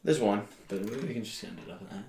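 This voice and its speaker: A man's voice: lowish voice, fast, a little mellow. A young man co-hosting a movie podcast in casual, joking chat, laughing often and rambling. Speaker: podcast co-host. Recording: echoey room with faint noise.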